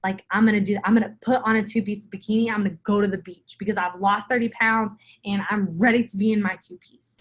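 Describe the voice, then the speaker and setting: A woman's voice: medium pitch, fairly even intonation, fast talker, few pauses. A young adult woman giving an emphatic motivational talk to her weight-loss group, speaking straight to the camera and repeating her key phrases. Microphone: phone or camera for a live video.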